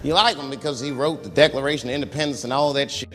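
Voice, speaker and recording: A man doing a stand-up comedy routine, swinging between loud outbursts and muttered asides as he acts out characters. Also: mid-range voice, fairly even intonation, quick pace, hardly any pauses. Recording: live hall reverb with audience noise.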